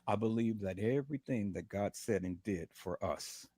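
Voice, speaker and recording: A man's voice: on the low side, moderate pace, dark tone, no room sound. A man, in pain and lying in bed, giving a fervent, repetitive testimony of faith to livestream viewers and calling them "peoples". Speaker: livestream host.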